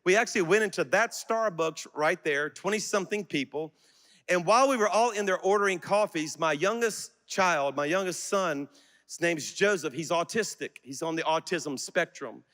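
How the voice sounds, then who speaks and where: A middle-aged man preaching a sermon, telling a personal story that swells into fervent, shouted exhortation to the congregation. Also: high-pitched, normal speed. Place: large auditorium church. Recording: long reverb of a large auditorium.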